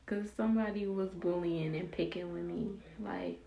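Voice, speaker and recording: A young woman telling a story from her teenage years while doing her hair, casual and animated, acting out what people said. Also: on the low side, moderate pace, dull audio. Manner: animated, acts out quoted voices, slangy and candid. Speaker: vlogger. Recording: roomy echo with faint background noise.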